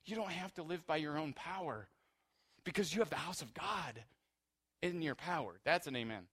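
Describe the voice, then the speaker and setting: A man's voice: normal speed, breathy edge. Impassioned male pastor preaching. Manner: impassioned preaching, swinging from soft and low to loud and high. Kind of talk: sermon.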